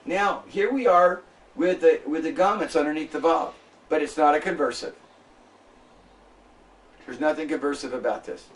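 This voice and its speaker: A man with a fairly high voice teaching a class, heard from a distance through a single room mic. He walks students through each sound step by step, pausing often to ask if they follow. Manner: spells out sounds slowly, checks in with "okay?". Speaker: lecturer. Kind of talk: classroom lecture. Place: lecture classroom.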